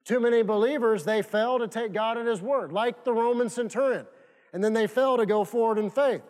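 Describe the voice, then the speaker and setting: A male pastor preaches in a church sanctuary, his voice extremely high-pitched, a little fast, and slightly mellow. He repeats phrases emphatically and prompts the congregation to call back, and the recording has the long reverb of a church hall.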